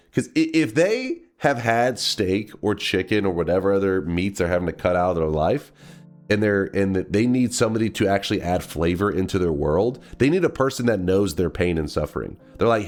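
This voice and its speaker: A man's voice: low-pitched, expressive, normal speed, darkish tone, faint music behind. A man from Texas, a game streamer with a stuffed-up nose, chatting casually on a livestream in a rambling, swearing way. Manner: rambling, swearing, laughing to himself.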